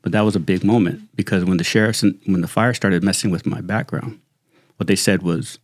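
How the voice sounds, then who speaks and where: A middle-aged man, a retired sheriff's lieutenant, telling stories in a casual, animated way and saying "dude" often. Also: low-pitched, fairly quick, no echo, studio quality. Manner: animated, slangy, says "dude" constantly. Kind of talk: casual storytelling chat.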